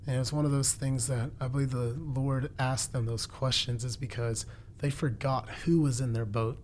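A man's voice: mid-range voice, fairly even intonation, moderate pace, a little mellow, slight background noise. A man in his twenties sharing a faith testimony in conversation, earnest and preacherly, repeating phrases for emphasis. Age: 20s. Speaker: guest.

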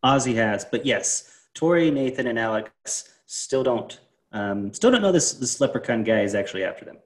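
A man's voice: medium pitch, lively intonation, moderate pace. A man co-hosting a podcast, chatting casually about a horror movie in an easygoing way, laughing often. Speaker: podcast co-host. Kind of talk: casual movie recap chat.

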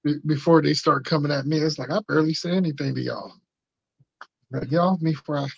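A man's voice: fairly high pitch, steady tone, a little fast, creaky, slightly rough, muffled recording. A man hosting a podcast in a laid-back, joking casual chat. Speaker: podcast host.

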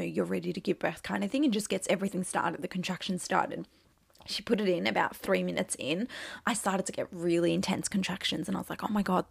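A woman's voice: lowish voice, vocal fry. A young woman, telling her own story casually and candidly, with lots of "like" and acted-out quotes. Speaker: new mother telling her birth story.

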